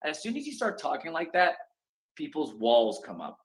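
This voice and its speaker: A man coaching real estate students in a casual talk, acting out phone calls in quick asides. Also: fairly high pitch, wildly swooping pitch, slight background noise, poor audio.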